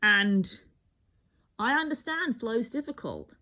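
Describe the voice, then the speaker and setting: Her voice sits on the high side, bright and forceful, animated yet slow. She's a tarot reader working through a reading in a rambling, musing way, often cutting herself off mid-sentence and sometimes dropping almost to a whisper.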